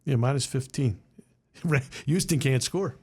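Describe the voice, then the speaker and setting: A man hosting a sports betting show, giving his picks in casual, blunt chat with halting fillers. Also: mid-range voice, lively intonation, a little mellow, slightly rough.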